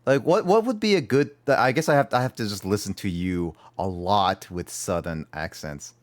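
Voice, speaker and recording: Streaming a video game, this man talks at a moderate pace in a fairly low voice. His livestream chat is casual, animated and rambling, with frequent self-corrections.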